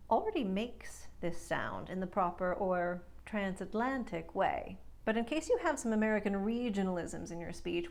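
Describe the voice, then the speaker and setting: A woman speech coach teaching an accent lesson, demonstrating vowels and consonants in slow, deliberate, drawn-out words. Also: mid-range voice.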